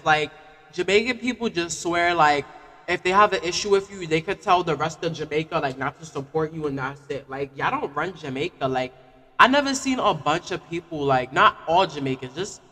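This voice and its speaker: A man's voice: a little high, long reverb tail. A man ranting casually on a live stream, full of "like" fillers. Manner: animated, repetitive "like" fillers.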